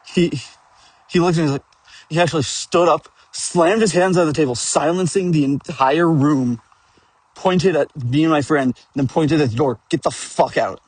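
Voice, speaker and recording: A man's voice: a little high, normal speed, darkish tone, husky, no echo. A man telling a rambling, profane story about his tabletop game, chuckling now and then as he goes. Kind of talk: rambling casual storytelling rant.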